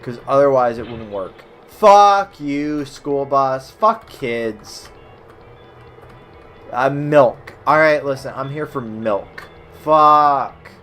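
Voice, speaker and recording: A young man streaming old web games, chatting casually with viewers, cursing a lot and breaking into sudden loud outbursts. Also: mid-range voice, takes it slowly. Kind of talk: casual gameplay commentary.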